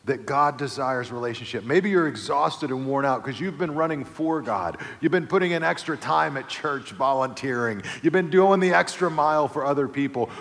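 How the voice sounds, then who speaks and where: A middle-aged man preaching a sermon as pastor, telling a family story, moving between quiet, low passages and loud, animated stretches. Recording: long reverb of a large hall.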